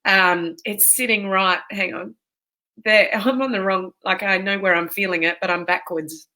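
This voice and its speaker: With a medium-pitched, steady yet sharp voice at a moderate pace, a female online fitness coach talks live with her audience over video. She greets viewers by name while tearful and emotional due to a migraine.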